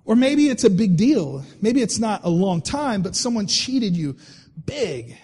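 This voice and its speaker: A man's voice: high-pitched, sing-song, a little slow, a little mellow, slightly rough, in a large hall. A male pastor preaching a sermon in a conversational way, reading scripture aloud and often repeating his words.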